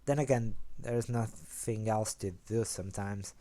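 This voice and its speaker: Young male host, low-key and rambling, slightly low mellow voice. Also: unhurried. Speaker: host of a card game deck video. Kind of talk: casual rambling explanation.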